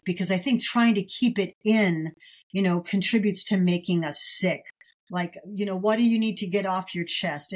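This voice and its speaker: A middle-aged woman, a herbalist guest, talking in a gentle, chatty way with many fillers in a casual interview. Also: mid-range voice, low-quality recording.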